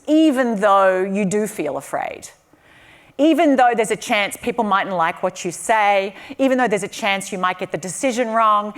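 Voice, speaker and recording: An Australian woman delivers a keynote speech at a conference venue in front of a live audience. She talks in a lively, humorous storytelling way, with an ordinary middle pitch. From southern Australia. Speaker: keynote speaker.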